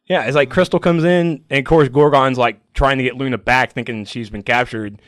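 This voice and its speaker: A man on a comic book podcast, chatting excitedly and emotionally, acting out scenes from the stories. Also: mid-range voice, brisk. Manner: emotional, animated, acts out comic scenes in voices. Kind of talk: excited casual chat.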